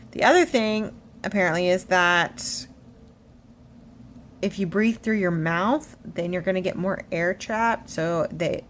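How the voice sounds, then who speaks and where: A woman telling a story in a casual vlog, animated and a little shaky, acting out what people said. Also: fairly low pitch, slight background noise. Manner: animated storytelling, acts out quotes. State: shaky, emotional. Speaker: vlogger. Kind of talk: casual chatty vlog update.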